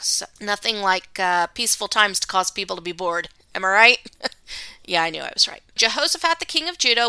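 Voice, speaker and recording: Bright, chatty woman retelling a story. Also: medium pitch, smooth, no echo. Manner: chatty and playful, slangy asides. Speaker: podcast host. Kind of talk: casual Bible retelling.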